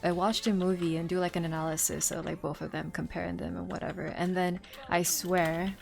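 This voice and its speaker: A woman's voice: fairly low pitch, flat delivery, a little fast, gravelly, a little mellow. Chatty rambling woman streamer. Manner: chatty, rambling, laughs often. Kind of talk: casual chat while gaming.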